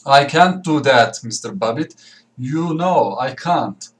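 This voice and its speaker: A man reading aloud, voicing a calm, firm older male doctor who speaks with steady emphasis. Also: medium pitch, slow, rough recording.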